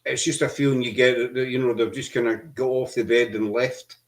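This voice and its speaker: A middle-aged man hosting a podcast, telling his story earnestly over a video call, halting often with fillers. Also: mid-range voice, fairly even intonation. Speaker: podcast host. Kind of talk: casual chat.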